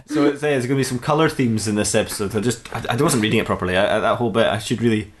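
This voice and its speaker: A man's voice: mid-range voice, rapid-fire. Rambling man telling a silly story. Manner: rambling, self-interrupting, giggly. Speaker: podcast host. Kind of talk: improvised comic storytelling.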